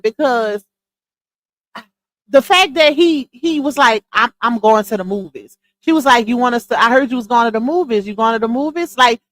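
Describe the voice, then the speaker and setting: A woman's voice: fairly high pitch, fairly bright tone. A woman hosting a live stream, chatting casually and incredulously to her viewers, with laughing asides. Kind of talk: casual commentary on a clip.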